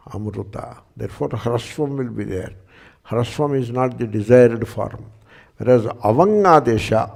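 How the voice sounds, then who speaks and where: An older man with an Indian English accent gives a patient, explanatory lecture, pausing to check that his listeners follow. His voice has a gravelly edge. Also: medium pitch, lively intonation, darkish tone. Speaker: Sanskrit teacher. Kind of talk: lecture on scripture and grammar.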